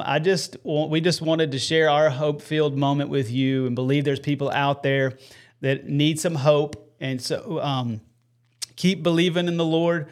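A man hosting a Christian live show with his wife, talking earnestly and greeting viewers by name. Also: on the high side. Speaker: host of a Christian web show. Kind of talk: casual faith talk and viewer shout-outs.

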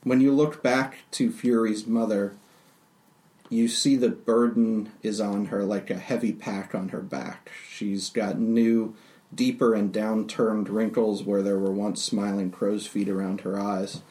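A man narrating a tabletop role-playing game as game master, halting often with fillers. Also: lowish voice, steady tone, dark tone. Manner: unhurried, halting with many fillers.

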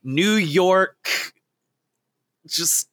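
A man co-hosting a casual podcast chat, excitable and quick to break into impressions. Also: high-pitched, no echo. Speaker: podcast co-host.

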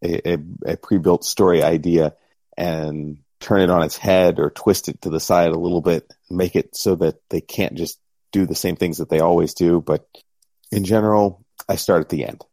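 A man's voice: low-pitched, steady tone, moderate pace, dark tone, dry recording. A middle-aged man co-hosting a podcast in easygoing, casual chat with dry humor, on a close mic. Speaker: podcast co-host and game master.

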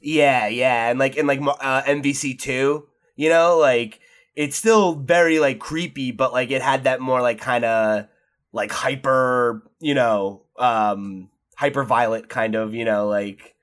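A man co-hosting a casual podcast in a mid-pitched voice, rambling through his points and filling the gaps with constant likes. He swears casually as he goes. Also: fairly even intonation, unhurried, a bit bright, smooth. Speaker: podcast co-host. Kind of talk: casual chat.

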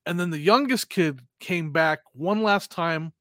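A middle-aged man co-hosting a podcast, telling rambling anecdotes with quick laughs and acting out the voices of people in his stories. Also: a little high, bright, forceful tone, dry recording. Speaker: podcast co-host. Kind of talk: casual chat, storytelling.

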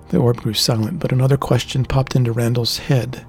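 A man narrating a fantasy audiobook in a steady, deliberate reading style. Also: medium pitch, gravelly, soft background music.

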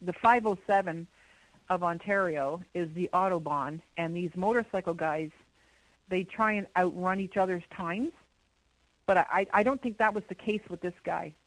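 A middle-aged woman from Canada, a guest in an interview, telling a story in an animated way with many repeated words. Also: fairly low pitch, normal speed, no room sound, poor audio. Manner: animated, repeats words, imitates owl hoots.

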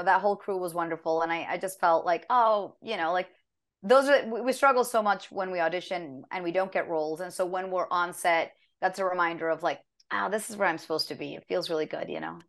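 Chatty woman telling animated stories. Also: lowish voice. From half American. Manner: chatty, animated storytelling with acted quotes. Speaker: voice actress guest. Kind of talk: casual interview chat.

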